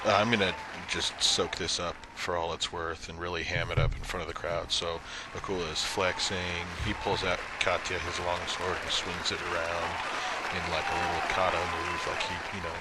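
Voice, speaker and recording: A man's voice: low voice, very noisy. A man joking casually as a player in a tabletop game.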